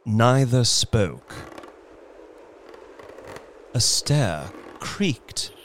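A man narrating a horror story in a slow, hushed, suspenseful dramatic reading. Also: medium pitch, sing-song, slight background noise.

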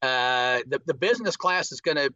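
A man's voice: medium pitch, expressive, normal speed, bright, forceful tone, no room sound, dull audio. A man as a guest commentator, talking hesitantly with many fillers. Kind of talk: talk show commentary.

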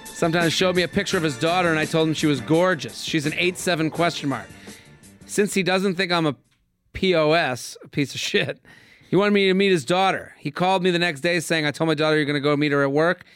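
A young adult man with a fairly high, slightly bright voice hosts a casual comedy podcast, speaking fairly quickly as he tells stories and acts out the voices of the people he quotes. The recording is clean studio sound with no echo and soft music in the background.

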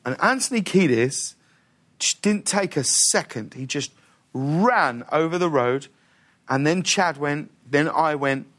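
A man with a rather high voice tells a story as a guest on a television talk show. He talks in an animated way and keeps breaking into laughter. His sentences are full of "like" and "uh". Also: measured pace. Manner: laughs often, fills with "like" and "uh". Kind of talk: animated anecdote telling. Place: television studio.

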